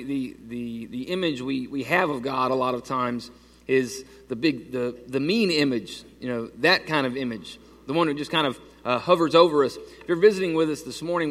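A man's voice: medium pitch, fairly bright tone, in a large hall. A man preaching a sermon to his church, telling a story casually with lots of restarts and fillers. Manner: conversational storytelling with many restarts. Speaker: pastor. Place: church sanctuary.

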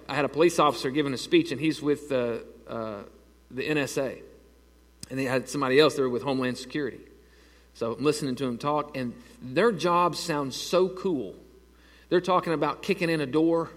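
A man in his thirties preaching a conversational sermon and telling stories with growing excitement. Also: a little high, big-room sound. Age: 30s. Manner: conversational preaching, animated storytelling. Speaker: pastor.

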